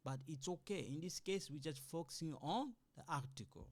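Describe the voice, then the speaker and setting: A man's voice: a little high, moderate pace. A man teaching a French grammar lesson, patiently repeating examples and checking in with "okay?", switching between English, French and another language.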